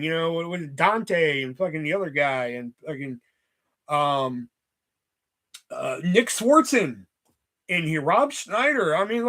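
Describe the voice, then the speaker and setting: A man's voice: sits high, a bit bright. A man hosting a casual movie chat, rambling with lots of swearing and fillers. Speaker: host.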